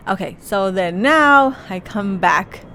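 A woman's voice: mid-range voice, animated, takes it slowly, sharp tone, slight background noise. Chatty woman telling her career story. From Los Angeles area. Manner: chatty, full of "like" fillers. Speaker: fashion designer. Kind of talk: casual storytelling monologue.

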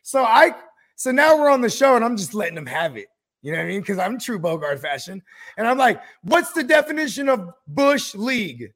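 Gravelly high-voiced man ranting. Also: fairly quick. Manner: profane, animated storytelling with acted-out quotes. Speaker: podcast host. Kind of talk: casual podcast chat.

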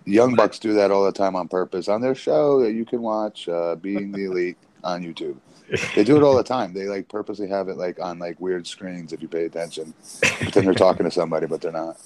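Podcast co-host, male, very low register, rambling casual delivery. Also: fairly quick, a little mellow, a little hiss or hum, rough recording. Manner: rambling, many restarts and fillers. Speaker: podcast co-host, former independent wrestler. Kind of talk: casual wrestling chat.

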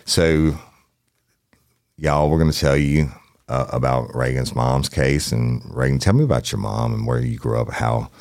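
A man hosting a true-crime podcast from a studio, talking in a folksy, plain-spoken way with drawn-out phrasing. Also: extremely low pitch, darkish tone, no room sound. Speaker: podcast host.

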